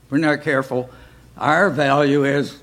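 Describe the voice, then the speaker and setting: Teaching an informal Bible study in a church, this man speaks at a normal speed with fairly even intonation. His voice is fairly high and fairly bright, and his folksy style leans on frequent rhetorical questions.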